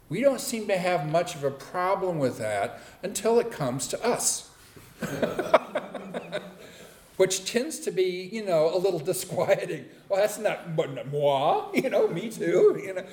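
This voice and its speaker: A man's voice: mid-range voice, darkish tone. Man giving a casual dharma talk in a roomy space. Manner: conversational, with playful asides. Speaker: dharma teacher. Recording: roomy echo.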